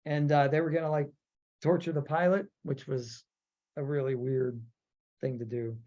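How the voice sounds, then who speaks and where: A man hosting a podcast in casual chat, rambling and animated, acting out quotes as he goes. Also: fairly high pitch, moderate pace. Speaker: podcast host. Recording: dull lo-fi audio.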